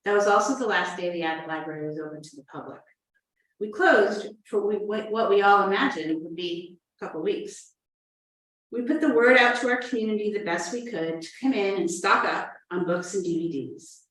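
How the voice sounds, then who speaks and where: A woman's voice: medium pitch, normal speed, fairly bright tone, distant mic. A woman from New Hampshire, giving an earnest conference talk as a librarian, telling stories with playful asides. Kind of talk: prepared conference presentation. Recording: roomy, echoey from off the mic.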